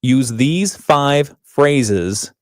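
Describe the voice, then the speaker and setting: A man's voice: medium pitch, lively intonation, drawn-out words, no room sound. A man hosting a radio morning show, chatting and laughing often as he reads out headlines in a studio. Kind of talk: casual radio banter. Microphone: studio microphone.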